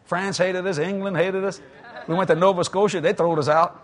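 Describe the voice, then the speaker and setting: This man has a high voice and a brisk delivery, speaking with a Cajun accent from South Louisiana. He's a guest preacher giving a funny sermon, telling jokes with lively energy and chuckling at his own punchlines.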